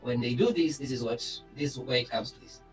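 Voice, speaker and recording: A man's voice: mid-range voice, quick pace. Male moderator, probing and filler-heavy, echoey distant call with faint music. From East Africa. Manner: probing, repeats words, many fillers. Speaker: panel moderator. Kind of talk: online panel discussion. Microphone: video call.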